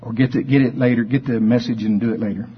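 A male preacher delivering a sermon, telling folksy stories and bursting into shouts of praise. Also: medium pitch, steady tone, quick pace, slightly rough, lo-fi sound.

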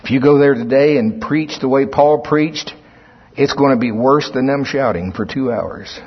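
In a reverberant hall, captured on a muffled, lo-fi recording, a man delivers a sermon at a moderate pace. His husky, medium-pitched voice reads scripture and explains it, swelling in volume to stress points.

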